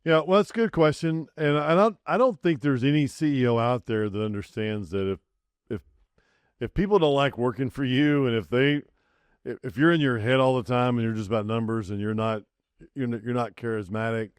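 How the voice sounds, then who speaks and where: A man's voice: medium pitch, brisk, clean tone, dry recording. A man with a Southern US accent hosting an interview, talking casually with many restarts and trailing off. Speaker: podcast host.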